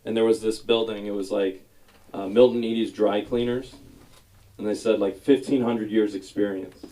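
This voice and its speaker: Low-voiced man doing a rambling stand-up set. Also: fairly even intonation, normal speed, mellow, rough recording. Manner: self-mocking, rambling storytelling. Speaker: stand-up comedian. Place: comedy club stage.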